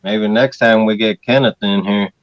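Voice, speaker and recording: Easygoing male host, slightly low voice, relaxed casual talk, muffled dry sound. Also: normal speed, no echo. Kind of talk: casual chat. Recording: dull, lo-fi and dry.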